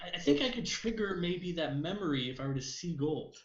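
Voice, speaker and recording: A man taking part in a tabletop game, hesitant in his speech and lively in his intonation. The room around him is echoey, and the audio comes through muffled. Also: high voice, a little fast, noisy background. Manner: hesitant, animated. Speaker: player. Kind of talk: in-character tabletop play.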